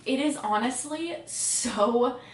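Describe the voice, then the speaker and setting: A woman's voice: high-pitched, slow, echoey room, far from the mic, a little hiss or hum. A woman giving an emotional, chatty book review in a casual vlog.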